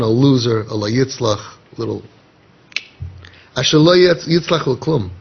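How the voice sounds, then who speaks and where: A man giving an animated Torah lecture in English, mixing in Hebrew and Yiddish phrases and acting out people's inner voices. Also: medium pitch, breathy edge. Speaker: rabbi. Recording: dull lo-fi podcast audio.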